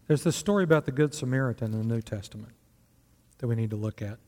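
A man's voice: mid-range voice, fast talker, a little mellow. A male pastor preaching a sermon in a conversational way, asking the congregation rhetorical questions. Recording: long hall reverb.

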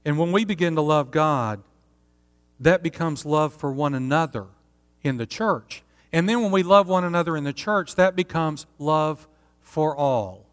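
Man, pastor, sermon, earnest preaching, rhetorical questions, slightly higher voice, long church reverb. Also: unhurried.

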